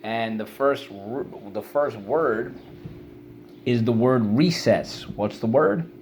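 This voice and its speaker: A man's voice: medium pitch, slow, a little mellow, slight background noise. A man teaching children a spelling lesson in an upbeat, coaxing call-and-response style.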